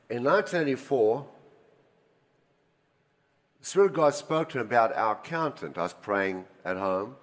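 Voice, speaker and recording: An older man preaching a sermon, telling personal stories and swinging between loud emphasis and quiet asides. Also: medium pitch. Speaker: pastor. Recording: reverberant hall.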